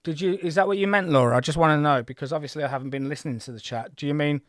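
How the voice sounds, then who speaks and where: A man's voice: fairly high pitch, racing, dry recording, studio quality. A man in his forties hosting a gaming livestream, chatting in a rambling, self-deprecating way. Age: 40s. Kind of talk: casual livestream commentary.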